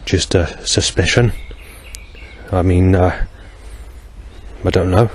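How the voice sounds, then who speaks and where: A man's voice: sits low, fairly even intonation, takes it slowly, slightly rough. A man vlogging in a rambling, hesitant monologue, full of fillers and restarts.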